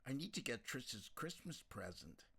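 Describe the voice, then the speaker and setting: A man's voice: mid-range voice, sing-song, a little slow, bright, forceful tone, breathy edge, exaggerated voice. A man voicing a frank, friendly young woman in a storybook reading.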